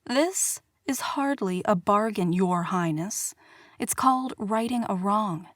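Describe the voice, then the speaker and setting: A woman's voice: medium pitch, lively intonation, slow pace, no echo. A woman voicing a fiery young dance studio owner who speaks indignantly and accusingly, in an audiobook reading.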